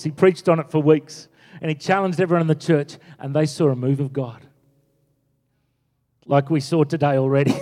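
A man's voice: fairly high pitch, a little mellow. A middle-aged man preaching a sermon, telling stories with animation and acting out the quotes. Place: church. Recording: echoey church hall.

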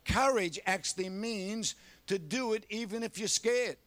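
An older Australian man preaching a sermon, telling a story with lively energy and often calling out to the congregation. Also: high voice, unhurried. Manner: animated storytelling with repeated audience call-outs.

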